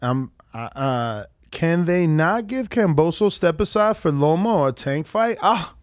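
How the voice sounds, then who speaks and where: High-voiced man in dry casual chat. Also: unhurried, no room sound. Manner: animated, reads quotes aloud with laughs. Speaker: podcast co-host.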